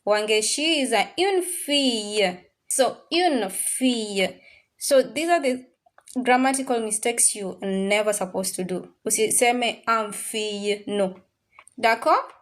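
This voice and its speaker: A woman teaching a French class, drilling words slowly and repeating them, now and then mixing in Swahili phrases. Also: fairly high pitch. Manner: slow, repetitive drilling of words. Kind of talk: classroom language lesson.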